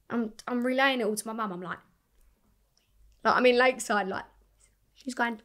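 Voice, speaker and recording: A young woman, a singer, telling her story in a casual interview, animated and swearing freely as she acts out what people said. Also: a little high, normal speed, pauses often. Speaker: singer guest.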